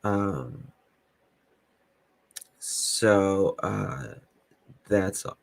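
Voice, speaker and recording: A man with a very low, gravelly voice hosts a casual live stream, answering chat comments in an unhurried, dry, teasing way. He speaks slowly into a close mic with a dry sound. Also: no echo. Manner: calm, slow, dry, teasing. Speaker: YouTube web sleuth host reading live chat.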